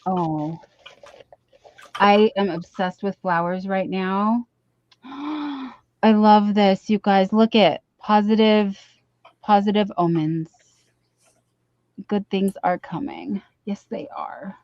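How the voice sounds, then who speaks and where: A woman hosting a casual livestream, gushing and gasping with excitement as she unboxes gifts. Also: medium pitch, slow pace, long pauses, dry recording. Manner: gushing, excitable, many gasps and exclamations. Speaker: livestream host. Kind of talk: casual live chat while unboxing gifts. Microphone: webcam or desk mic on a video stream. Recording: dull dry stream audio.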